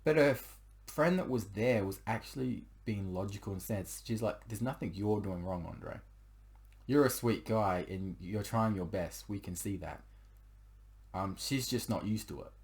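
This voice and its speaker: A young man with a lowish voice tells a personal story in casual confessional style. He rambles, with frequent fillers and restarts. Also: measured pace, a little mellow.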